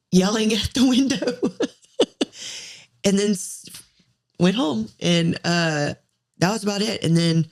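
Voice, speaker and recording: A woman in her thirties, a podcast co-host, telling a candid personal story with deep feeling and many "like" fillers. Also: darkish tone. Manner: emotional, tearful at times, many "like" fillers.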